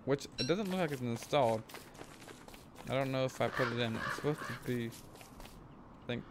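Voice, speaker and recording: A man casually talking through his gameplay as a streamer, rambling and thinking aloud, with sudden excited whoops. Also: mid-range voice, a little hiss or hum. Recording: game music playing under the voice. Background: game music.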